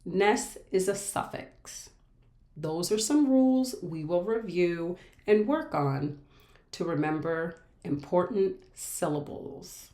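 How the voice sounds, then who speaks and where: A woman teaching a reading lesson to children, speaking slowly and patiently and repeating each word with care. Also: lowish voice, expressive, a little mellow, roomy sound. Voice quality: patient, repeats words carefully. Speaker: special education teacher. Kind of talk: slow, clear classroom instruction for children.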